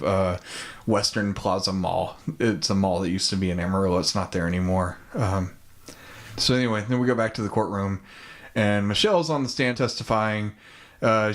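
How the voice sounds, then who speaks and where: Man, low voice, loose profane podcast recap of a movie, lots of ums. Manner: laid-back, profane, many ums and likes. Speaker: podcast co-host. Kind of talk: casual chat retelling a film.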